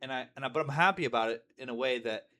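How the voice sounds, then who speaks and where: A man's voice: mid-range voice, very fast, pushed and bright. A young man in a candid, rambling monologue about his own feelings, full of restarts and fillers. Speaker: vlogger.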